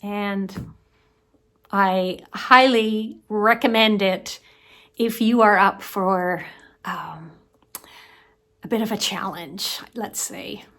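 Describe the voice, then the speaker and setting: A woman hosting her own book review channel, talking in an unhurried, thoughtful, conversational way. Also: medium pitch, fairly bright tone. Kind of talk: casual book review vlog.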